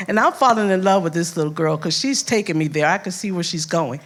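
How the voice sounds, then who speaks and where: An older first-grade teacher from Louisiana, with a lowish voice and a Southern accent, speaks at a moderate pace. Giving a heartfelt speech at an awards event, she tells animated stories, acts out her students' voices, and laughs often.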